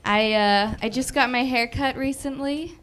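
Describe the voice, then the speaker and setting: A woman's voice: high-pitched, a little slow, a bit bright. A young woman in her twenties performing a chatty, self-deprecating stand-up set on a theater stage. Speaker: stand-up comedian. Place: movie theater stage before a live audience.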